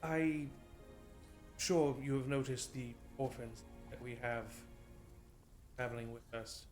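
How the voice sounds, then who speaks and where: A man's voice: medium pitch, slow pace, soft background music, lightly acted. A man voicing a humble, courteous male cleric who speaks formally with some hesitation.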